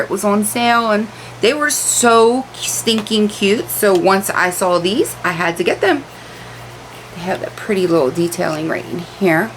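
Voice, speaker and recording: A woman's voice: medium pitch, a bit bright, slight background noise, low-quality recording. A woman chatting casually as she unboxes beauty products, candid and repeating words for emphasis, in a room lit by a ring light. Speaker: beauty vlogger.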